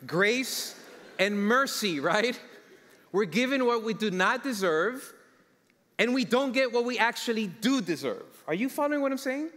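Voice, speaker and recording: A man's voice: extremely high pitch, expressive, moderate pace, a bit bright. A man preaching a sermon, telling a story and asking the congregation questions. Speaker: guest preacher. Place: church sanctuary. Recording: long church hall reverb.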